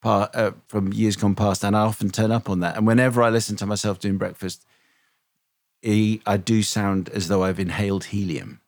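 A man's voice: fairly low pitch, steady tone, moderate pace, dry recording, clean studio sound. A man co-hosting a casual chat show, telling rambling self-deprecating anecdotes in a tired, failing voice. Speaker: podcast co-host, radio presenter.

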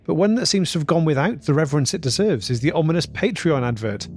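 A man co-hosting a casual podcast, reading listener emails aloud in a dry, measured way. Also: fairly high pitch, animated, a little hiss or hum.

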